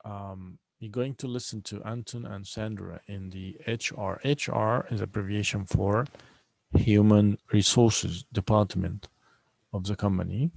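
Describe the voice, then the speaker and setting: Male teacher, low gravelly voice, unhurried drilling delivery that repeats words syllable by syllable. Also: steady tone, darkish tone, dry recording, poor audio. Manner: patient, repeats each word several times to drill pronunciation; breaks words into syllables and stresses them clearly. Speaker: English teacher. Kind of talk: recorded online lesson.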